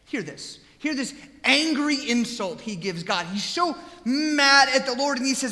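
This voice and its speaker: A male pastor preaching a sermon with passion, swinging between hushed earnest lines and loud, pleading ones. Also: very high-pitched, lively intonation, measured pace, hardly any pauses, long reverb tail. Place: church sanctuary.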